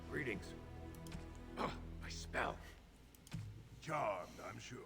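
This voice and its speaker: A man's voice: mid-range voice, animated, extremely slow, gravelly, music in the background, full character voice. An actor voicing a suave male dwarf hero in a role-playing game, giving short polite greetings and battle barks. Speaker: game character voice.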